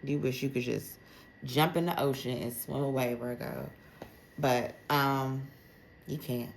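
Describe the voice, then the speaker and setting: A woman's voice: extremely low pitch, steady tone, measured pace, creaky, slight background noise. A woman giving a casual, chatty tarot reading for zodiac signs, speaking straight to each sign with plenty of slang and "like" fillers. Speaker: tarot reader.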